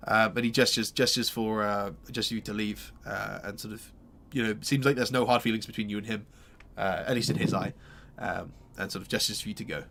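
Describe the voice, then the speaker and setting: Guy running a tabletop game, bright voice, lots of uhs and restarts. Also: fairly low pitch, fairly even intonation, fairly quick, gravelly, a little hiss or hum. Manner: hesitant, many fillers and restarts. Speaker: game master.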